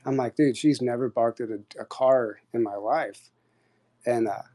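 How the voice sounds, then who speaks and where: A man in the middle of a long, casual story, his speech packed with "like" and quick restarts. His voice sits at an ordinary, middle pitch, and he tells it in an animated, rambling way. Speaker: guest storyteller on an audio chat.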